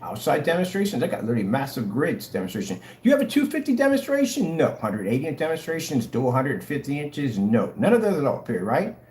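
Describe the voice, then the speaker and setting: A man's voice: mid-range voice, very animated, quick pace, hardly any pauses, a little mellow. A man hosting a livestream, ranting at his chat in a sarcastic, taunting way and daring viewers to answer. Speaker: livestream host selling projector screen paint. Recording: roomy room echo, faint hum.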